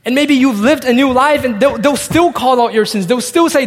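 High-voiced man preaching in a reverberant hall. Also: normal speed, few pauses. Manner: expository, reads scripture and acts out the dialogue. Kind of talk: sermon.

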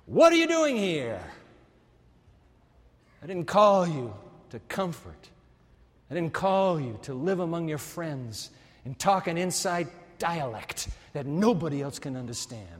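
A man voicing God in a sermon, speaking to the preacher in an earnest, questioning way. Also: fairly high pitch. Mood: challenging. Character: God, calm divine voice addressing a preacher. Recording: long hall reverb.

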